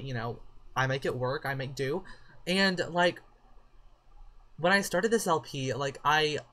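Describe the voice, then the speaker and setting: A let's play YouTuber giving casual gameplay commentary, chatty and gushing, who swears, trails off and bursts into high excited exclamations.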